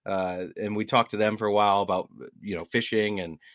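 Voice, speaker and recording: Animated man in his forties, dry sound. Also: lowish voice, a little fast, dry recording. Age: 40s. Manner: animated, laughs through his stories. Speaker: podcast guest. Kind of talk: casual storytelling.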